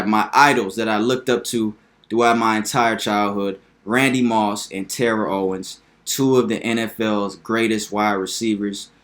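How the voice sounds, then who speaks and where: A young man hosting a casual sports commentary video, animated and hyped, repeating points for emphasis. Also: lowish voice.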